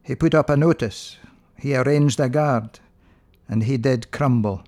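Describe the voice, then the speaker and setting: Earnest minister hosting radio. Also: male voice, medium pitch, darkish tone. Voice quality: measured, earnest, rhetorical. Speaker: minister and radio programme host. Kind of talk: radio religious programme presenting.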